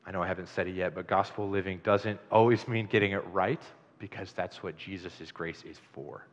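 A male pastor preaching a sermon in a conversational, animated way, with chatty asides to the congregation. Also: deep voice, a little fast. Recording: dull sound in a long-reverb hall.

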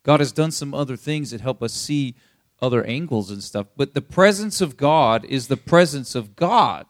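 A man's voice: medium pitch, lively intonation, moderate pace, dry recording. A man preaching a sermon in a loose, conversational way, often checking in with the listeners. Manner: conversational, keeps asking "you see what I'm saying?". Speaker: pastor.

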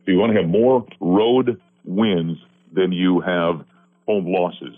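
A man's voice: deep voice, fairly even intonation, slow pace. A man broadcaster interviewed on sports radio, talking at length with many fillers. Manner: long-winded, rambling, with many fillers. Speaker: guest play-by-play broadcaster. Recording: phone line.

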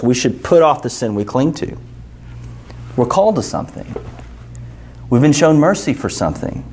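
A man's voice: mid-range voice, darkish tone. A male pastor preaching a sermon in a casual, joking tone, counting off numbered points and reading scripture.

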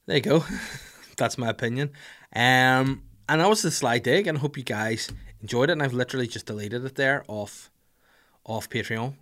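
A Northern Irish man in his thirties holds forth on his podcast, joking and ranting about pet peeves. His voice sits in an ordinary middle register, and he slips into quick voices to act out little scenes. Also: medium pitch. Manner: animated, jokey, acts out little scenes with voices. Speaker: podcast host. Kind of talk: casual comedic rant.

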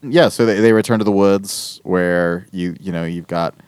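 A man's voice: low-pitched, moderate pace, a little mellow, clear, resonant tone, no echo. A man co-hosting a casual podcast, recapping a TV episode in a rambling, profane way and acting out the characters' lines. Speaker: podcast co-host.

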